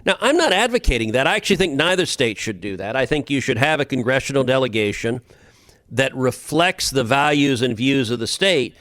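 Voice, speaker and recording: A man delivering political commentary on a podcast in an emphatic, argumentative way, often stumbling into a phrase by repeating a word. His voice sits in a middle pitch range, and the recording is dry and close, with no room sound. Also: lively intonation, brisk, a bit bright, no room sound. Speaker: podcast co-host, senator.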